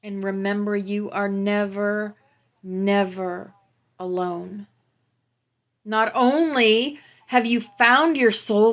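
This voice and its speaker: A woman hosting a spiritual live stream, gently affirming her viewers and reading out teachings through a phone mic. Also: medium pitch. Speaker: spiritual livestream host. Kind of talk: spiritual livestream talk to viewers.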